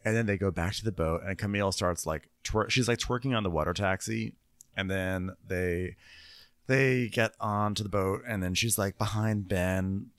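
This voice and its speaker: A man's voice: lowish voice, moderate pace, fairly bright tone, no room sound. A man co-hosting a podcast in casual, joking chat, telling stories playfully and often mimicking the people he talks about. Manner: wry, playful storytelling, often mimicking others. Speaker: podcast co-host. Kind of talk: casual comedic chat recapping a reality show.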